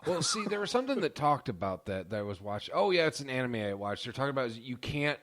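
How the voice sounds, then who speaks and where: A man's voice: mid-range voice, very animated, quick pace, fairly bright tone. A young man co-hosting a casual podcast, laid-back and hesitant, full of fillers. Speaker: podcast co-host. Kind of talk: casual chat.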